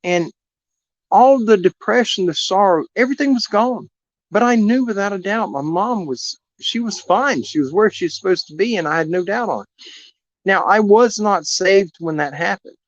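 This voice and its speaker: A man's voice: high voice, normal speed, dry recording. A man, telling a heartfelt personal story in a rambling, earnest way to viewers on his live stream. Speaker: animal rescue host on a live stream. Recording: dull lo-fi live stream audio.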